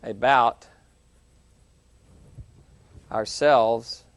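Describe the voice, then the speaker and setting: A gravelly-voiced male professor teaching a class, talking in an easy, animated way and slipping into little acted-out reactions. His voice sits at a middle pitch, and the sound is close and dry. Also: very slow, no room sound. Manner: conversational, animated, acts out quoted reactions. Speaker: university lecturer. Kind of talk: classroom lecture. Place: lecture hall, televised class.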